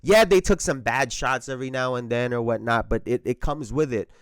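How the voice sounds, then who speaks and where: A man hosting his own basketball commentary, talking his opinions through in a conversational, emphatic way. His voice sits at an ordinary middle pitch. The sound is close and dry, with no room behind it. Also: a little fast, clear, resonant tone, dry recording.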